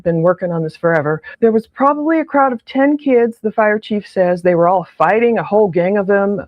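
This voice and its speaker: A woman's voice: medium pitch, brisk, dry recording, lo-fi sound. A woman giving casual, chatty commentary over audio clips, laughing often and quoting people in mock voices. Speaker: true crime commentator.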